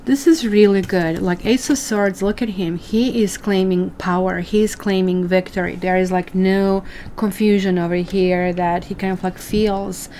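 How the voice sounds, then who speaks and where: A woman's voice: mid-range voice, steady tone, normal speed, dark tone, slight background noise. A woman doing a chatty live tarot reading for viewers, full of fillers and asides. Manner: chatty, addresses viewers as guys, many fillers. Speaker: tarot reader.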